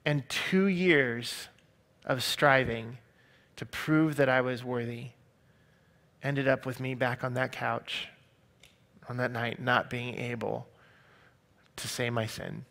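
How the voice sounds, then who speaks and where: A man's voice: medium pitch, steady tone, takes it slowly, creaky, long pauses, fairly bright tone. A man giving an earnest, confessional personal testimony as a sermon. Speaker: speaker sharing his testimony.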